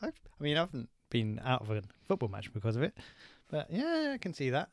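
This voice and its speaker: A man's voice: mid-range voice, huge pitch swings, brisk, no echo, studio quality. A man co-hosting a podcast, running a quiz in playful casual banter and laughing often. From England.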